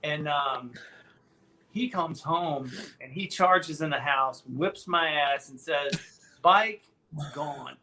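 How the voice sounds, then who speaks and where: A man in his fifties tells a childhood story on his podcast in a casual, profane style. He is animated and keeps dropping into voices. His voice sits high and sounds bright and forceful. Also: slow, a little hiss or hum. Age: 50s. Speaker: podcast host.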